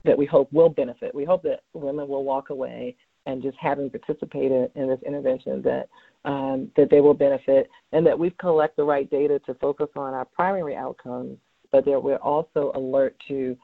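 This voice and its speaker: A man's voice: mid-range voice, fairly even intonation, fairly quick, creaky, dry recording. A man who is a cancer researcher, answering interview questions in an earnest, heartfelt way with many fillers and restarts. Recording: tinny phone-line sound, dry.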